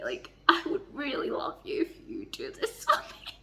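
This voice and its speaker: A woman's voice: high voice, moderate pace, gravelly, a little hiss or hum. A young woman gushing and swearing as she reads quotes from a romance novel in a casual reading vlog at home. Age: young adult. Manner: excitable, swears a lot, gushes over characters. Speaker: book vlogger. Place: home room by a heater.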